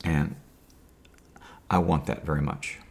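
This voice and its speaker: A man's voice: a bass voice, fairly even intonation, slow, gravelly, a little mellow, breathy edge. A man talking to camera in a rambling personal monologue, with dry sarcastic humor and many fillers and restarts. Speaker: video diarist.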